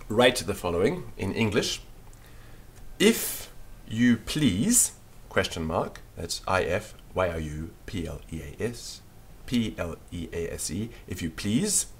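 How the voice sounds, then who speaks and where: A man teaching a beginners' French lesson, dictating slowly and patiently and spelling words out letter by letter. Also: low-pitched, lively intonation, slightly rough.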